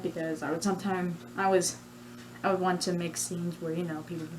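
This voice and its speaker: A woman's voice: lowish voice, slight background noise, rough recording. A woman chatting casually in a vlog about her plush characters, giggly and rambling. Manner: giggly, rambling, self-pleased. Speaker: plush video creator.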